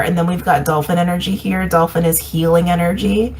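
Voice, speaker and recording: A woman giving a casual intuitive reading, meandering and repeating herself, reflective with soft laughs. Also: fairly low pitch, normal speed, a little hiss or hum, poor audio. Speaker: intuitive reader.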